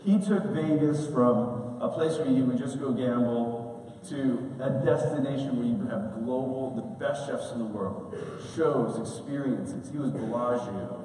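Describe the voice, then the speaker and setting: An American man in his forties gives an animated school talk, dropping slang into his stories. His voice sits at an ordinary pitch and carries across a large hall. The mic is far away, so long reverb rings around every phrase. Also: a little slow. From United States. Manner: animated, casual storytelling with slang asides. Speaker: guest speaker.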